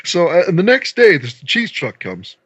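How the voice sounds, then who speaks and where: A man from Canada with a Canadian accent, a podcast guest telling a long casual story in a rambling, animated way and acting out voices. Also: high-pitched, normal speed, husky, dry recording. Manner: rambling and animated, acts out voices in his stories. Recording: slightly dull lo-fi remote audio.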